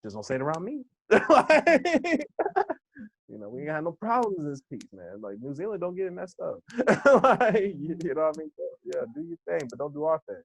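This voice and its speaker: A young American man from Los Angeles, a guest in a casual interview, telling stories with lively acted-out quotes and frequent laughs. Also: fairly high pitch, normal speed, gravelly, no room sound. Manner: animated storyteller who acts out quoted voices, laughs often. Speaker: interview guest, hip hop instructor.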